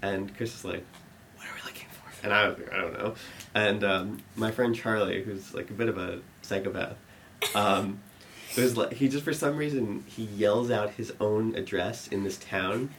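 A young man telling a rambling story to an audience, full of fillers, growing animated and laughing as it builds. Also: on the low side, moderate pace, a little hiss or hum.

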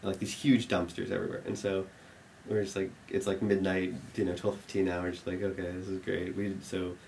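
A young man telling a rambling story to an audience, full of fillers, growing animated and laughing as it builds. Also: deep voice, fairly quick, vocal fry, slight background noise.

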